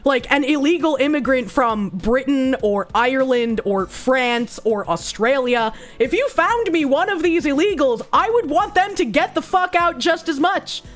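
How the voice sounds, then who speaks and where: A woman's voice: sits high, expressive, measured pace, few pauses. A woman streamer reading news aloud and reacting to it in a blunt, profane, sarcastic way, thanking chat for subs between rants.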